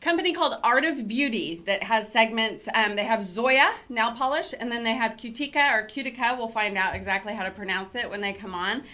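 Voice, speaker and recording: A woman's voice: a little high, a little fast, few pauses, bright, forceful tone. A middle-aged woman hosting a casual talk show, chatty and upbeat, with many fillers. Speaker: show host and company CEO.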